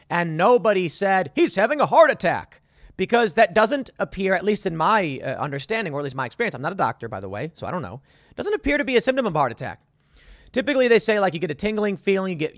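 Lively sarcastic male commentator. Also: on the high side, no echo, studio quality. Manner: sarcastic, exasperated, rambling with restarts. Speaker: commentary show host. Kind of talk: opinion commentary monologue.

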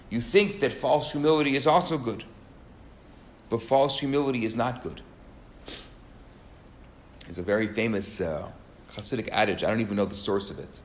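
Earnest man preaching with emphatic stress. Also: fairly bright tone. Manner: earnest, emphatic, varies pitch and pace for stress. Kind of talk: sermon with storytelling.

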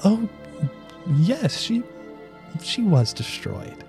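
A man voicing a haughty female villain, high and airy. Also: very animated, very slow, darkish tone, faint music behind, exaggerated voice. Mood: smug.

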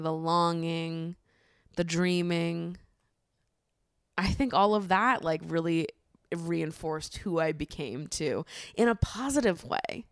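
A woman's voice: on the low side, vocal fry, no room sound, studio quality. A woman in her late twenties hosting a podcast, talking casually on her own, laughing often and swearing freely. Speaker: podcast host. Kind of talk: casual solo podcast monologue.

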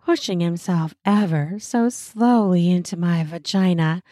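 A woman narrating a first-person erotic audio story in a breathy, intimate voice. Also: fairly low pitch, a little slow, no room sound, clean studio sound. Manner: breathy and intimate, slipping into soft moans.

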